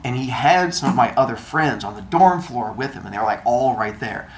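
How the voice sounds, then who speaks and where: Lively man telling a funny story. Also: mid-range voice, slight background noise. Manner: animated, acts out dialogue with quick voice changes. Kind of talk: comedic personal storytelling.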